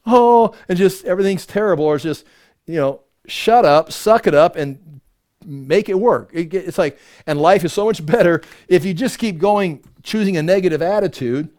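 A man's voice: a little high, darkish tone. An older man preaching a conversational sermon, often restarting his sentences and acting out self-pitying voices.

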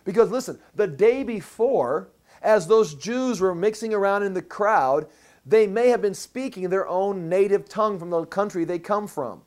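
A man with a high, light voice for a man preaches a sermon, walking through a scripture passage. He explains each point emphatically and slows right down on the words he wants to land. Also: a little mellow. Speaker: pastor. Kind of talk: sermon, verse-by-verse Bible teaching.

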